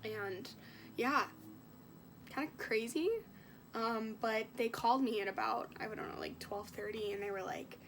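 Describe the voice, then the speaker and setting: A woman's voice: on the high side, unhurried, a bit bright, a little hiss or hum. Chatty young woman vlogging while sick. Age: young adult. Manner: chatty, filler-heavy, emotional retelling. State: sick, coughing. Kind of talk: casual vlog chat.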